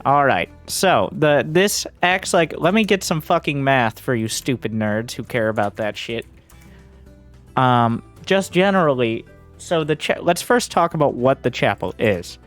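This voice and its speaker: A man's voice: medium pitch, lively intonation, measured pace, a bit bright, soft background music. Blunt, foul-mouthed male game coach. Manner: blunt, profane, sarcastic.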